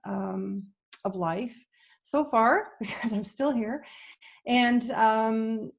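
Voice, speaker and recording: Over a video call, a Canadian woman gives an online conference talk, earnest but hesitant. She pauses often with ums and restarts sentences, and her mid-range voice has a darkish tone.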